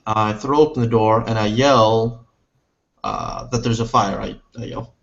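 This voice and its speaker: A man's voice: on the low side, measured pace, creaky, dull audio. A man playing a tabletop game, describing his actions in first person and correcting himself as he goes. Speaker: player.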